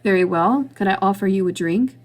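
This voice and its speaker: A woman's voice: medium pitch, brisk, lightly acted. A woman reading a story, giving the lines of a guarded adult man who speaks in a hesitant, wary way. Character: guarded adult man, former theater actor.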